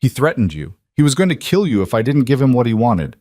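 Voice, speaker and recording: A man's voice: medium pitch, very animated, fast, mellow, dry recording, clean studio sound, voice pushed up. A man voicing a cold, intense male mafia boss in a storybook reading, clipped and threatening. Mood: cold menace.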